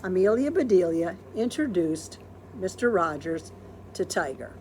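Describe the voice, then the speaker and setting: A woman librarian reading a children's storybook aloud in a gentle, expressive storytelling manner. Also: fairly low pitch, a little slow, slight background noise.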